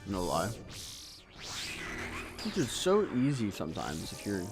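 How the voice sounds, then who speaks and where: A young male streamer from Washington State with a low, gravelly voice, talking in a relaxed, rambling way as he reads out and replies to his viewers. Game music plays clearly underneath him throughout. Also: a little slow. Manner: laid-back, rambling, reads out and answers chat. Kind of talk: casual live-stream chat.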